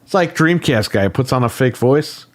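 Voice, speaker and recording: A man's voice: mid-range voice, animated, moderate pace. A man co-hosting a casual gaming livestream, talking bluntly and swearing casually. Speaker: podcast co-host. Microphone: studio microphone.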